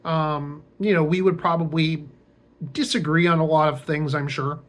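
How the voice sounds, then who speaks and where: A man's voice: fairly high pitch, steady tone, moderate pace. A young man telling a casual, rambling story as a vlogger, full of fillers, restarts and wry, sarcastic asides.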